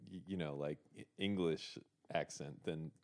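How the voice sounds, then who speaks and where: A man's voice: very deep voice, steady tone, unhurried. A man co-hosting a casual movie podcast, sardonic and filling his sentences with "like". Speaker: podcast co-host.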